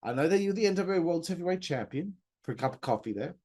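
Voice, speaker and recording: A man's voice: on the high side, animated, quick pace, darkish tone, breathy edge. A man, hosting a podcast and recapping a wrestling show in a chatty, enthusiastic way, swearing and throwing in asides. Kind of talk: casual recap commentary.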